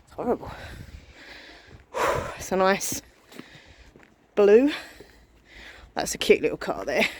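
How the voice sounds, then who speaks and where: A woman's voice: medium pitch, very animated, takes it slowly, pauses often, slight background noise. A woman in her thirties filming a casual vlog while walking down a street, out of breath and anxious. She sounds chatty and self-deprecating, with frequent sighs. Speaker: vlogger. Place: outdoors on a residential street, walking.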